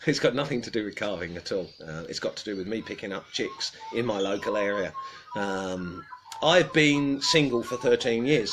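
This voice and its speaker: Middle-pitched man, casual livestream host, chuckling storyteller, faint outdoor ambience. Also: slight background noise. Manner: rambling, self-deprecating storyteller, chuckles often.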